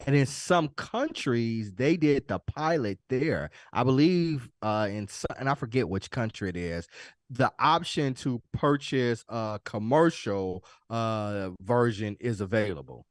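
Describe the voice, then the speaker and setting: Animated man chatting on a podcast. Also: medium pitch, unhurried, no echo. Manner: lively, animated, musing. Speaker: podcast co-host. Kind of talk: casual chat.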